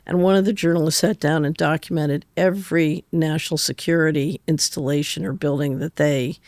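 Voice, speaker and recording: A woman's voice: sits low, steady tone, a little fast, a little mellow, no room sound, clean studio sound. An older woman, a guest on an interview show, telling anecdotes in a chatty way and laughing through her stories. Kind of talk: conversational storytelling interview.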